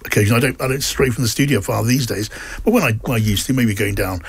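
A man's voice: medium pitch, fast, creaky, breathy edge. A man from South London hosting a radio talk show, chatty and self-deprecating. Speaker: host.

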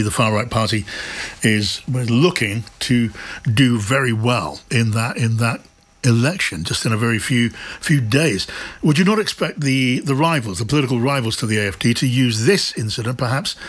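A husky-voiced man presenting a live radio news programme. He puts measured, probing questions to a correspondent, sometimes doubling back to rephrase. His pitch sits in the ordinary middle range for a man.

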